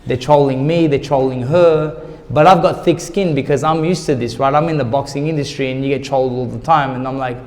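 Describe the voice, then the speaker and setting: A man's voice: medium pitch, fairly quick, darkish tone. A man, a former boxer, telling his life story candidly in an interview, acting out the dialogue of others with emotion. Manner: emotional, retells conversations in quoted dialogue. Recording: long hall reverb.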